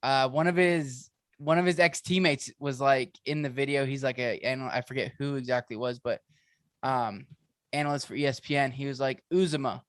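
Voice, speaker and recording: A man co-hosting a fantasy football show, talking excitably in a rambling way, with lots of restarts and fillers. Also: medium pitch, brisk, no echo, clean studio sound. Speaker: fantasy football podcast co-host. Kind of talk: casual sports analysis chat.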